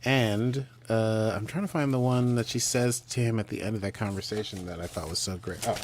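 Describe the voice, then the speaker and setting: A man's voice: on the low side, brisk. A man co-hosting a podcast in casual chat, talking in a playful, rambling way with jokey asides. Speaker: podcast co-host.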